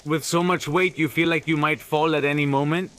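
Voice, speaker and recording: A man's voice: a little high, steady tone, a little fast, a bit bright, smooth. A man casually vlogging on a cycling trip, playful and chatty, joking with locals. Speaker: travel vlogger. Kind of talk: casual travel vlog chat.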